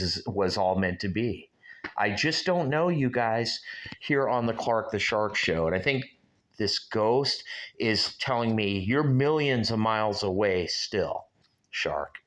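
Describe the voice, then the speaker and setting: A man's voice: fairly low pitch, a bit bright. A man in his sixties hosting his own show, musing aloud in a rambling, casual way and speaking straight to his viewers. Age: 60s. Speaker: show host. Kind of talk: casual solo vlog chat.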